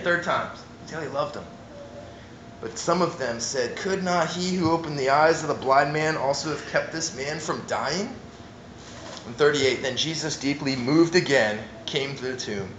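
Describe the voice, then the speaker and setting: A man preaching a sermon, walking his listeners through scripture in an earnest, conversational way. His voice sits in an ordinary middle pitch, pushing hard on key words and then dropping to a near-hush. A faint noise lies under the recording. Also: rough recording. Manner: earnest, swings from emphatic to hushed. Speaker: pastor.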